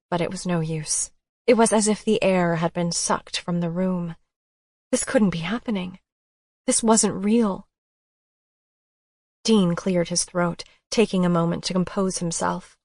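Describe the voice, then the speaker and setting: A woman narrating a romance audiobook in the first person, expressive and emotional. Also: on the low side, measured pace, dry recording, studio quality.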